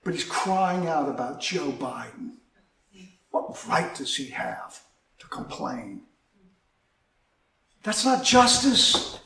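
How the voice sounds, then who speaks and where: A man preaching a sermon, impassioned, swinging between loud emphasis and quiet asides. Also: a little high, very animated, slow pace, creaky, pauses often. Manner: impassioned, rising and dropping emphasis. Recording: echoey room from far off.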